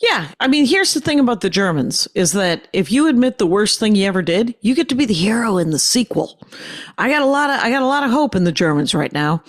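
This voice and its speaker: Deadpan woman comedian from Wisconsin. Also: medium pitch, quick pace. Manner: dry, deadpan comic storytelling. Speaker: comedian panelist. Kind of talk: casual roundtable chat.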